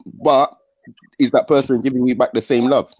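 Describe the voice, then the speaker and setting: A man with a London accent on a live-stream panel, talking in slangy, expressive banter. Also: medium pitch, normal speed, dry recording. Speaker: panel guest. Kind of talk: casual banter. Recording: lo-fi stream audio.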